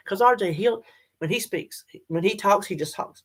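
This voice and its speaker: Older woman, casual vlog chat, lively up-and-down pitch. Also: normal speed. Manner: chatty, animated, talks straight to viewers. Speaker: vlogger.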